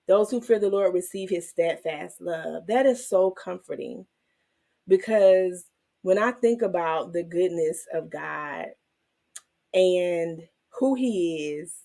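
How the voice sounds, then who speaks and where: A woman hosting her own faith channel, teaching and testifying in an emotional, animated way, with some in her speech. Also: lowish voice. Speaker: Christian women's channel host.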